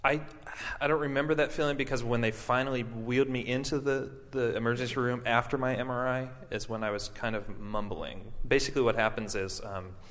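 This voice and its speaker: A man telling an audience his own story, halting often, with many fillers and restarts, and laughing at himself. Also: medium pitch, fairly even intonation, a bit bright. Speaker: performer and stroke survivor. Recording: long hall reverb.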